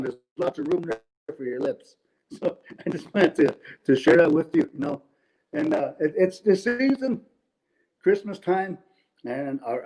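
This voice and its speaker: Chatty, chuckling comedian with a mellow voice. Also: male voice, fairly high pitch, poor audio. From Canada. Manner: rambling, chatty, tag questions, chuckles at his own jokes. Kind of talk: stand-up storytelling for an online event. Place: at home indoors.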